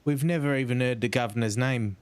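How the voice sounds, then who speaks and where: A man's voice: mid-range voice, a little fast, clear, resonant tone, no echo, close to an everyday voice. A man voicing a sniveling, humble old peasant scout in a rustic put-on accent, reading game dialogue aloud. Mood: fawning. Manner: rustic dropped-letter accent voice, fawning.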